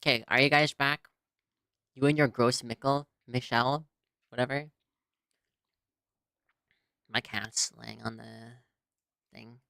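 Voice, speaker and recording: A game streamer with a mid-pitched voice chats casually between cutscenes, talking freely and swearing often. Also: fairly even intonation, takes it slowly, creaky, long pauses, pushed and bright, dry recording, studio quality. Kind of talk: casual chat while gaming.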